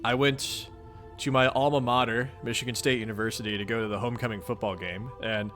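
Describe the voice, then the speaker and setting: A man's voice: mid-range voice, fairly even intonation, a little fast, a bit bright, faint music behind. A young man with a Midwestern accent, hosting a livestream and greeting viewers in a playful, goofy, upbeat way. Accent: Midwestern American. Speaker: livestream host reading a webcomic.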